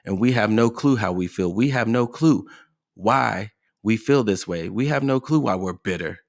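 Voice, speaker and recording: A man with a lowish, creaky voice hosts a motivational podcast at a moderate pace. He talks emphatically, throwing rhetorical questions at his listeners.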